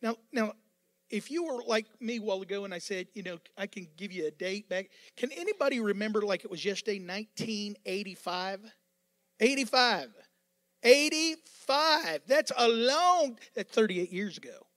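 A man over fifty preaching a sermon as pastor, fervent and repetitive, building up to yelling with joking asides. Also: high-pitched, lively intonation, fairly quick.

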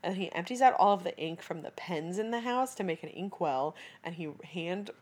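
A woman's voice: on the low side, moderate pace, breathy edge. A woman co-hosting a podcast in casual chat, recapping a film with lots of "like" and acted-out quotes. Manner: animated, heavy use of "like", acts out quotes. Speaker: podcast co-host.

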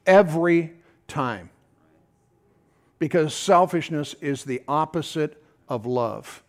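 Middle-aged pastor guy, pretty high voice, folksy sermon full of asides. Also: slow pace. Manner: folksy, animated preaching with rhetorical asides.

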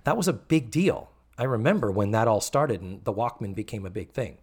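A man's voice: fairly low pitch, expressive, brisk. Chatty man recapping a TV show. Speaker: podcast host. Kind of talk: casual chat recapping a TV episode.

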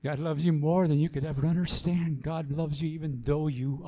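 Man, pastor, earnest sermon, repeats phrases, slightly high voice. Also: steady tone, moderate pace, few pauses, mellow.

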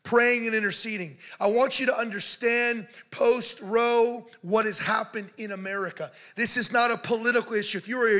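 A man telling a story in a sermon, passionate and building to shouts as he preaches. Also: high-pitched.

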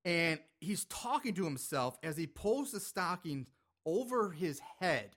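The man's voice is on the high side and fairly bright, swinging widely in pitch at a measured pace. He rambles through a casual horror movie recap with a co-host, laughing, swearing occasionally, and filling gaps with plenty of fillers.

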